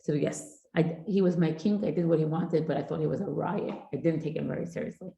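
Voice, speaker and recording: Woman, middle-aged, dark gravelly voice, lower pitch, chatty class talk, echoey room. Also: a little fast, muffled recording. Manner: chatty, full of fillers and Hebrew and Yiddish terms. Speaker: parenting class teacher. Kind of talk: informal class talk to a group.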